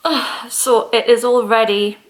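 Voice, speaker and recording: A young woman, chatting casually in a vlog, gushing and excitable with lots of "like" fillers. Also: on the high side, a little slow. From United Kingdom. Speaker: book vlogger.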